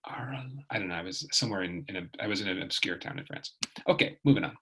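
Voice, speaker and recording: Husky, bright-toned man teaching casually. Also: sits low, steady tone, rapid-fire, low-quality recording. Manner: rambling, chatty, many fillers and restarts. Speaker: tutor. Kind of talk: casual video lesson.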